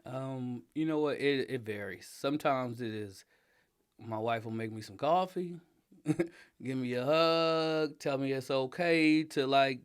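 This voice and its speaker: A middle-aged man talking casually as an interview guest, emphatic and animated, laughing often and getting loud when riled up. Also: medium pitch, unhurried, clean tone. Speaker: interview guest, father and design director.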